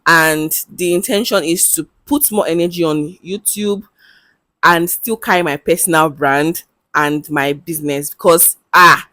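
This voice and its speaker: A woman's voice: sits low, fairly even intonation, unhurried, bright, forceful tone, dry recording. A young woman with a Nigerian English accent, talking candidly to camera in a casual vlog, chatty and laughing easily. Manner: chatty and candid, with bursts of laughter and local slang. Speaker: vlogger.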